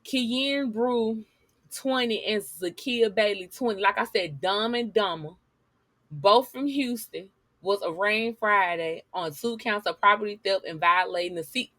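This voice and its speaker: Woman vlogger, sassy and blunt, bright voice, dry close sound. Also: mid-range voice, unhurried, no room sound. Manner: sassy, blunt, talks straight to viewers. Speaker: news commentary vlogger. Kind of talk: casual commentary reading news articles aloud.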